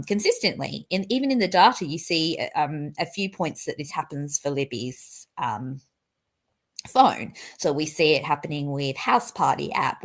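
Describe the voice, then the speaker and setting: A young adult woman hosting a casual technical chat, animated and joking at her own expense. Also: low voice. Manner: animated, self-mocking, jokey asides. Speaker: host.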